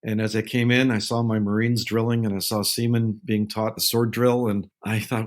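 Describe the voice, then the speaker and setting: A man in his sixties with a lowish voice tells stories as an interview guest. He takes his time and slips into the voices of the people he quotes. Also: level tone. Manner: unhurried anecdotes, acting out quoted people in his telling. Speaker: guest, naval film consultant. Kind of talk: relaxed interview storytelling.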